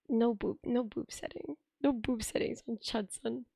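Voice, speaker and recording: A young woman with a sick voice, chatting on a live stream, thinking aloud as she tinkers and thanking viewers with excitement. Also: on the high side, a little slow, gravelly, hardly any pauses, husky, dry recording, clean studio sound. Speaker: livestreamer. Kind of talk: casual live stream chat. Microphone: desk streaming microphone.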